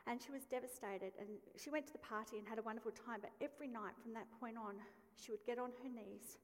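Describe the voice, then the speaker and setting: A woman's voice: fairly high pitch, quick pace, big-room sound. A woman telling a story during a church service in a conversational way, with fillers and restarts. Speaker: church speaker. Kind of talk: storytelling sermon.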